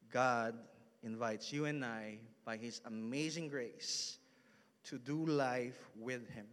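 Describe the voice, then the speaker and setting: A man in his thirties preaching a casual storytelling sermon in a church hall, chatty and full of asides to the congregation. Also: medium pitch. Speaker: pastor.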